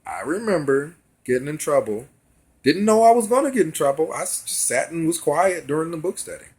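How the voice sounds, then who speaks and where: A man recounting his experiences in an earnest, casual monologue straight to his viewers. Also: medium pitch. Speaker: vlogger. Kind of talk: casual direct-to-camera monologue.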